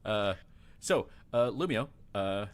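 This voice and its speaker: Deep-voiced man running a tabletop game. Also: lively intonation, smooth. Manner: rambling, halting narration with many fillers. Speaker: game master.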